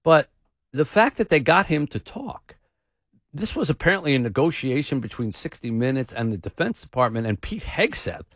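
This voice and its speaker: A man hosting a talk show, telling stories with a lively, swinging voice. He mimics the people he talks about. The sound is close and dry. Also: medium pitch, moderate pace, dry recording. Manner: animated storytelling, mimics people he quotes. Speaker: radio talk show host. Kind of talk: casual chat.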